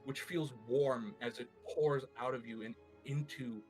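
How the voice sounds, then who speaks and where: A man narrating a tabletop game as game master, animated and descriptive. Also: medium pitch, unhurried, faint music behind.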